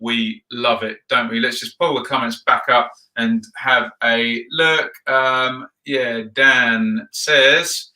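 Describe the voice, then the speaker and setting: A man's voice: medium pitch, fairly even intonation, takes it slowly, sharp tone. A man hosting a football video, chatting casually and rambling with frequent ums while he reads out viewer comments. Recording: roomy echo.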